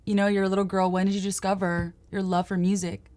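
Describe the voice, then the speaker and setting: A woman's voice: medium pitch, little pitch movement, fast talker, a little mellow. A woman from New York hosting an interview, enthusiastic and hyping up her guest. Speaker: show host. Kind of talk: casual interview chat.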